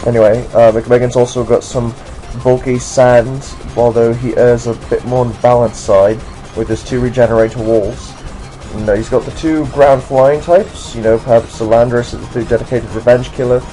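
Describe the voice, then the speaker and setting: A man's voice: medium pitch, fairly even intonation, normal speed, dark tone, soft background music, rough recording. An American man commentating a game match in a casual, rambling way, putting on a generic British accent. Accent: put-on generic British accent. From United States. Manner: rambling, many fillers and restarts.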